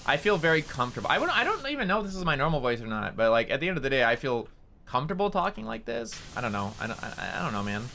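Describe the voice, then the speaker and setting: A man's voice: medium pitch, sing-song, racing, few pauses, bright, forceful tone, a little hiss or hum. A young man streaming a game, chatting casually and rambling, with a nasal tone. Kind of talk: casual gameplay commentary.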